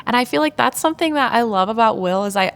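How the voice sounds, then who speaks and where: A woman guest in a podcast interview, telling a parenting story in a candid, animated way and acting out the voices she quotes, with many filler words. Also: on the high side, fast talker, creaky, smooth.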